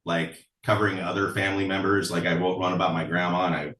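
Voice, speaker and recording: A man's voice: sits low, little pitch movement, quick pace, fairly bright tone, recorded from a distance. Chatty man in an echoey room. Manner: chatty, laughs often, fillers like "like". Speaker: songwriter guest. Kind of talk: casual storytelling interview.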